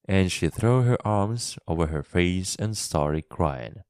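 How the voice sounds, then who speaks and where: A man narrating a classic story for English learners, slow, clear and expressive. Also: deep voice, no room sound, clean studio sound.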